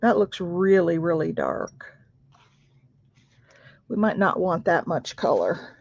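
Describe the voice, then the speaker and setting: A woman's voice: on the low side, big pitch swings, takes it slowly, gravelly, a little mellow, no echo. A woman hosting a craft video, chatting casually and asking questions as she works. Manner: chatty, asks questions while working. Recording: dry, dull lo-fi sound.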